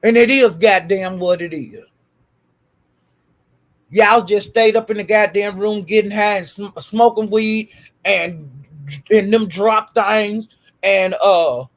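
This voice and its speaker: Gravelly, profane woman ranting. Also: medium pitch. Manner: profane, scolding, repetitive insults. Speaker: YouTube commentator. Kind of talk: ranting commentary.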